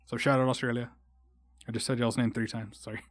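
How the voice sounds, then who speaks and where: Speaking a little fast with a medium pitch that barely moves, a young man from Texas runs his own podcast. His casual solo rant wanders, is thick with profanity, and often turns heated.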